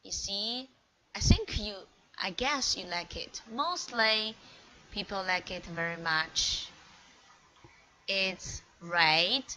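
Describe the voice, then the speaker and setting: Slow, bright-voiced woman teaching Chinese. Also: medium pitch, lively intonation, poor audio. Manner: slow, encouraging, praises often, clear modelling of words. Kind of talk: online one-on-one language lesson. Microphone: video call.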